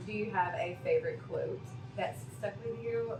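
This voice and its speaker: A young woman hosting casual street interviews, playful and quick to laugh. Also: medium pitch, far from the mic, music in the background. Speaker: host. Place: small-town streets and shops. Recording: echoey, noisy.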